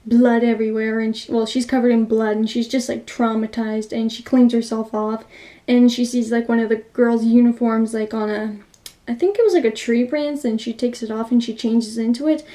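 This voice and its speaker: A woman's voice: fairly high pitch, fairly even intonation, normal speed, mellow. Young woman gushing through a movie recap. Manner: gushing, filler-heavy storytelling. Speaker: movie reviewer.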